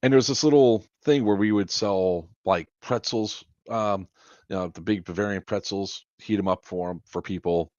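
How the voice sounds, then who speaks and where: A man's voice: on the low side, normal speed, a little mellow, no echo. A man hosting a charity livestream, telling casual, profane, rambling stories with frequent laughs. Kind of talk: casual anecdote storytelling. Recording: dull lo-fi stream audio.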